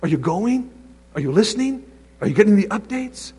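A male pastor preaching a sermon, animated, acting out little voices and reading scripture aloud. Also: high-pitched, a little fast, slightly rough. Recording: long reverb of a large hall.

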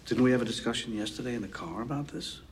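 An actor playing a stern, suspicious middle-aged ex-military father who speaks slowly and with quiet menace. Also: medium pitch, slight background noise, close to an everyday voice. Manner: slow, quietly menacing, deliberate. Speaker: film character.

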